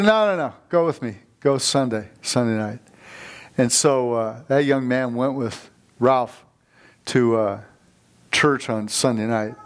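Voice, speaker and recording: A middle-aged man preaches in a church sanctuary, fired up and telling stories with real energy. He speaks at a medium pitch for a man and often stops to call out for amens. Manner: fired-up, storytelling, calls for amens. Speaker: guest preacher. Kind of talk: sermon.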